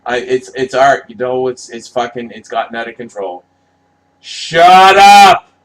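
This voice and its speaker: A man's voice: mid-range voice, little pitch movement, normal speed, poor audio. A man giving casual, rambling commentary, passionate and profane, often restarting his sentences. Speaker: vlogger reviewing movie posters.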